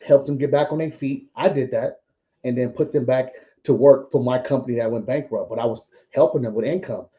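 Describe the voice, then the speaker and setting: A man's voice: mid-range voice, fairly quick, highs cut off. A man guest in a casual podcast chat, speaking earnestly and reflectively. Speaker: guest, veteran business owner.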